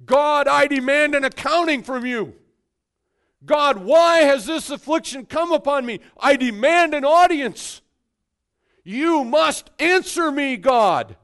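A preacher voicing Job, a suffering man loudly demanding an answer from God, in a sermon. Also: high-pitched, slow, hardly any pauses, smooth. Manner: loud, pleading demands to God. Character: Job, suffering man, defiant then humbled.

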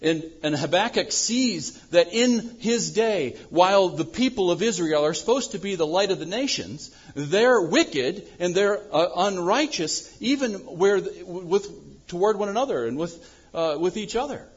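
A man preaching a sermon as pastor, swinging from loud acted-out prayers to low, quiet asides. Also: unhurried, breathy edge, muffled recording. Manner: animated preaching, acting out prayers loudly then dropping low.

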